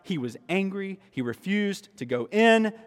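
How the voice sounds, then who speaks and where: A man preaching a sermon as pastor, animated and emphatic, often restarting his phrases. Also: high voice, measured pace. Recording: long reverb of a large hall.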